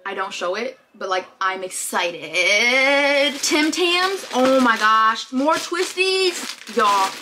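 A young woman vlogging an unboxing in a casual, gushing, excitable way, filling her talk with "like". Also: a little high, slow, few pauses, background noise. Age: young adult. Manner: gushing, excitable, says "like" often.

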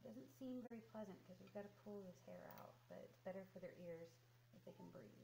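A woman's voice: medium pitch, quick pace, gravelly, dark tone. A woman dog groomer explaining her work casually, cooing soothingly to the dog in between. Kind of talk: casual demonstration while working. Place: grooming room. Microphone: handheld camera. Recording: noisy grooming room.

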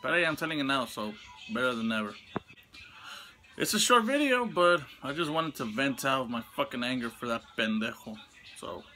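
A young man vents through a storytime vlog with a bright, ringing voice. He swears freely and his pitch spikes into angry highs. Faint music plays behind him. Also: expressive, moderate pace. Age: young adult. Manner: profane, heated venting with sudden high outbursts. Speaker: vlogger telling a story. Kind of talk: casual storytime rant.

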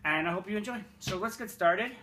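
Sitting high and moving briskly, this young Montrealer's voice comes across bright and forceful as he rambles through funny childhood tales, cursing and poking fun at himself. He records a casual vlog in his apartment, where the sound is roomy and carries a little hiss or hum.

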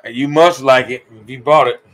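A man's voice: medium pitch, steady tone, moderate pace, fairly bright tone. A man hosting a casual livestream from his guitar workshop, teasing his co-host, joking with viewers and laughing often.

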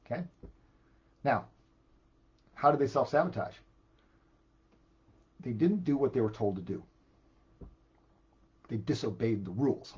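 A man preaching a sermon as a pastor, animated, repeating words when he gets emphatic. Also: mid-range voice, measured pace, pauses often, slightly rough, highs cut off.

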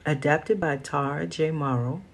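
A woman reading a children's picture book aloud as a storyteller, slow and expressive. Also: deep voice, vocal fry, slight background noise.

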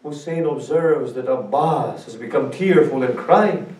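A man as a sheikh giving a mournful sermon, telling a story slowly with dramatic pauses. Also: medium pitch, a little mellow. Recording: echoey hall, speaker far from mic.

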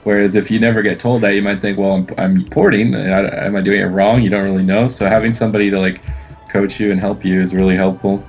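A man from Canada co-casting an online tournament, talking in a relaxed, reflective way and saying "like" a lot. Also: on the low side, fast talker. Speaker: co-caster. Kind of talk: casual esports co-commentary.

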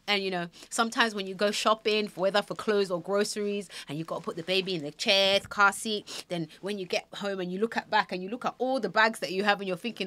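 A woman's voice: medium pitch, fast, few pauses. A woman hosting a podcast, chatting casually and acting out little quoted scenes. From Nigeria. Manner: chatty, animated storytelling with acted-out quotes. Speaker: podcast host. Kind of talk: casual chat.

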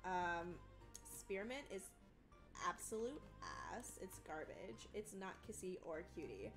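A man's voice: high voice, lively intonation, unhurried, fairly bright tone, soft background music, exaggerated voice. A trans man putting on a sassy, profane valley girl voice during casual live-stream banter. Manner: profane, drawling, mock-snobbish.

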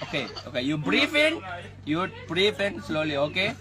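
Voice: medium pitch, very animated, normal speed. A speaker playing a bossy, exasperated language teacher in a comedy skit, laughing often. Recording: loud background noise.

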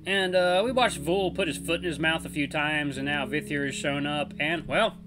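A man hosting a let's play, reading a visual novel aloud in a chatty, animated way. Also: fairly high pitch, music in the background. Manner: animated, chatty, quick laughs.

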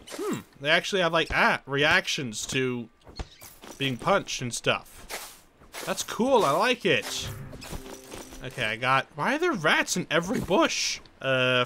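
A young man giving casual let's-play commentary, chatty and excitable, yelping and laughing as he plays. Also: medium pitch, slight background noise. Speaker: gameplay streamer.

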